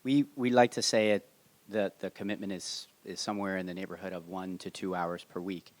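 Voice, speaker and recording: A man moderating a live panel Q&A, casual and halting, with many restarts. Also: sits low, steady tone.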